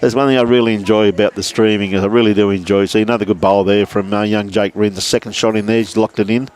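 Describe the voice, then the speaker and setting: Chatty Australian bowls commentator. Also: male voice, on the low side, fairly even intonation, quick pace, a little mellow. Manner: chatty, greets viewers by name between shots. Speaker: lawn bowls livestream commentator. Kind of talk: casual live sports commentary.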